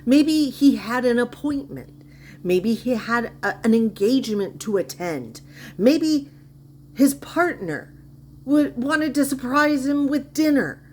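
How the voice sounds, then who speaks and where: A woman with a fairly high voice mocks and needles the subject of a clip with sarcastic, incredulous remarks. A faint noise sits behind her. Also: lively intonation, slow pace, darkish tone. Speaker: commentator. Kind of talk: sarcastic reaction commentary.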